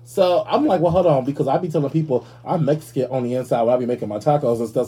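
Sassy man with a husky, mellow voice. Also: medium pitch, fast talker. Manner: sassy, animated, swears freely. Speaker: podcast host. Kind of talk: casual commentary.

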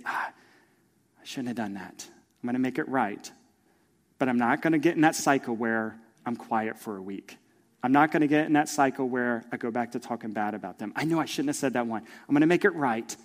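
A man preaching a sermon as pastor in a church, animated and storytelling, acting out voices of his kids. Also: medium pitch, in a large hall.

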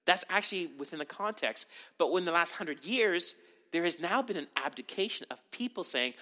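Bright-voiced pastor preaching conversationally. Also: male voice, a little high, fast talker. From Canada. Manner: animated, frequent "right?" asides and restarts. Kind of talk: conversational sermon.

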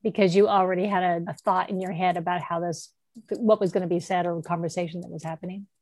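A woman's voice: on the low side, steady tone, fast, a little mellow, no room sound. A woman co-hosting a podcast, asking questions and responding in conversation. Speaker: podcast co-host.

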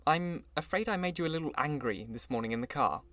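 A man's voice: a little high, lively intonation, fast talker, no room sound, voice pushed up. A man voicing a polished, charming young man who speaks earnestly and eagerly. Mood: reassuring. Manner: bright, earnest, lifted.

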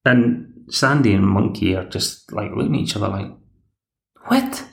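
A man's voice: on the low side, normal speed, vocal fry, echoey room. A Scottish man hosts a podcast, recapping a TV episode in a chatty, rambling way. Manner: chatty, rambling, plays the characters' lines himself. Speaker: podcast host.

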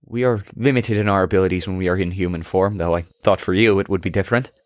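A man doing an ashamed, halting dragon-shifter. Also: deep voice, no room sound, studio quality, close to an everyday voice. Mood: earnest. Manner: soft, apologetic, halting. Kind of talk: audiobook character voice.

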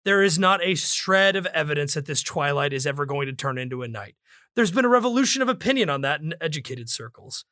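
A man's voice: fairly high pitch, animated, fast, sharp tone, no echo, studio quality. A man reading aloud as a cultured, clean-shaven intellectual who lectures condescendingly.

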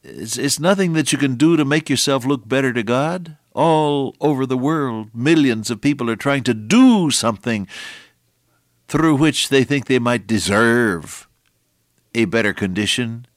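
An older man preaching a sermon, moving between hushed storytelling and raised, emphatic exhortation with slow, deliberate phrasing. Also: medium pitch, no echo, clean studio sound.

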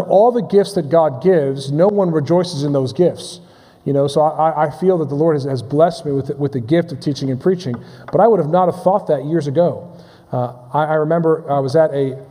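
A man's voice: fairly high pitch, mellow. A man preaching a sermon as pastor, restarting phrases and asking his listeners questions. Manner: halting, repeats words, asks the congregation questions. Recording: long reverb of a large hall.

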